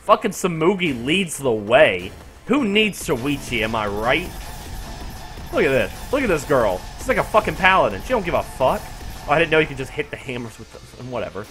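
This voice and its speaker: A man riffing over his gameplay in a loose, profane, laughing way. His voice swings up and down with every surprise, and soft game music plays underneath. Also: a little high, normal speed. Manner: excitable, swears constantly, laughs often. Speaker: let's-play gamer. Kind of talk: casual gameplay commentary.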